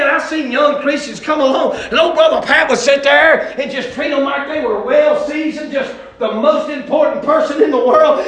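Male preacher, high voice, shouting then hushed, recorded from afar in an echoey church hall. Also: recorded from a distance. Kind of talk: testimony sermon.

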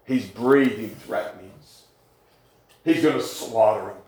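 A man preaching a sermon, rhythmic and swinging between hushed lows and shouted peaks. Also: slow pace, roomy sound.

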